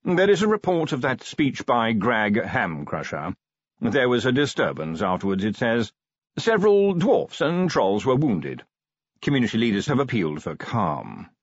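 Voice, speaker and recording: A man voicing a prim, smooth-spoken middle-aged butler with a formal, deferential manner in an audiobook. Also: mid-range voice, wildly swooping pitch, moderate pace, no room sound, muffled recording, pitched above the performer's own voice.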